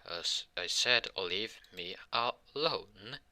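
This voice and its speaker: A man's voice: deep voice, quick pace, pushed and bright, no room sound. A man voicing a young fox-spirit boy in a fan story, curt and warning. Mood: cold.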